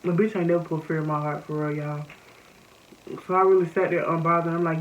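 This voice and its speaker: A woman's voice: deep voice, quick pace. A young woman with a Southern American accent, vlogging a casual storytime and talking straight to her viewers. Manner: animated, addresses viewers as y'all. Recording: slightly muffled with faint noise.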